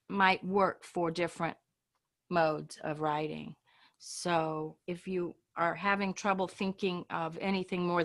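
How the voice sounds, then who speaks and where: A woman's voice: medium pitch, fairly bright tone. A woman teaching an online English class, talking in a chatty, informal way and often trailing off and restarting.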